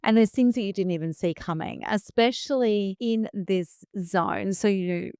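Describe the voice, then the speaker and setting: A woman's voice: medium pitch, moderate pace, darkish tone, clean tone, no echo, clean studio sound. A middle-aged woman hosting a podcast interview, telling stories in a conversational way and acting out the voices she quotes. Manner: storytelling, acts out quoted voices. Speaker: podcast host.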